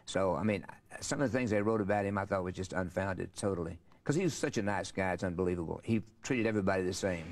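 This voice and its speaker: A man's voice: low voice, fast talker, hardly any pauses. An older man, telling rambling, folksy stories as an interview guest. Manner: rambling, folksy storyteller with many fillers. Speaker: interview guest, country singer. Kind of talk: casual storytelling interview.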